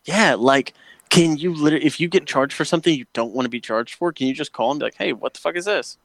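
A man's voice: medium pitch, quick pace, no room sound. A man, chatting casually and telling long, profane stories as he rants about everyday annoyances. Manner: profane, ranting storyteller. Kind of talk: casual chat. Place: home patio.

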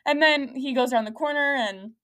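A young adult woman hosting a podcast, telling a story in a lively, rambling way with lots of fillers and frequent laughter. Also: sits high, a little fast. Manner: laughs often while talking. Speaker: podcast host. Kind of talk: casual podcast chat.

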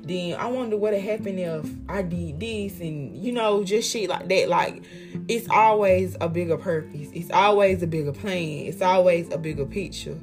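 A woman's voice: fairly low pitch, normal speed, music in the background. A young woman giving life advice in a casual motivational monologue, heartfelt and emphatic, repeating lines for effect, with slangy, profane talk.

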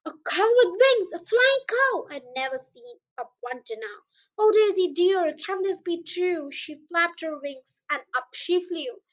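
A woman's voice: very high-pitched, fairly bright tone, low-quality recording. A young girl hosting her own podcast, reading a children's poem aloud in an eager, sing-song way. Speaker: podcast host and reader.

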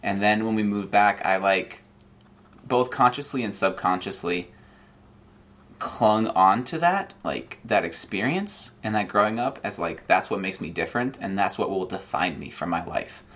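A young man with a low voice speaks as a guest in a relaxed interview. He tells his story with energy and acts out the lines people said. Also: moderate pace. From Nigeria and Ohio. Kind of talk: casual interview.

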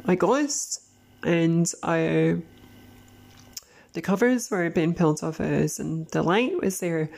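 Gravelly woman telling a story. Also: lowish voice, takes it slowly, pauses often, a little mellow. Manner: rambling, many fillers, laughs often. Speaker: podcast host. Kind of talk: casual spoken storytelling.

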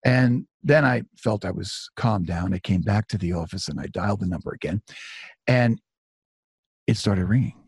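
Gravelly, husky middle-aged male storyteller. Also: lowish voice, moderate pace, no echo, clean studio sound. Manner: conversational, self-deprecating, with asides. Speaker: author and storyteller. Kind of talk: personal storytelling.

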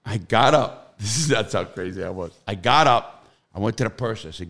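A middle-aged man telling profane, animated stories in casual podcast chat, with loud bursts. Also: fairly low pitch, brisk.

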